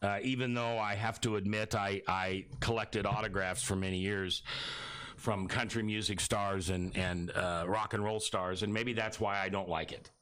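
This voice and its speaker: A man's voice: lowish voice, steady tone, moderate pace, fairly bright tone, clean tone, no room sound. A man and radio host telling a long personal story in casual chat, rambling, restarting, and acting out what others said to him. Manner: rambling, self-interrupting storyteller who acts out quotes. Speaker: radio host talking about his book.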